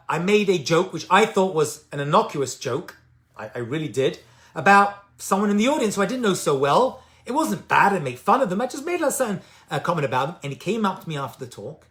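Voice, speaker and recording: A man's voice: on the high side, expressive, brisk, a bit bright. A man delivers an informal talk on addiction recovery and spiritual growth. His delivery is conversational and personal, full of "right?" and "you know." He drives his points home by repeating the key phrases. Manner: emphatic repetition of key phrases.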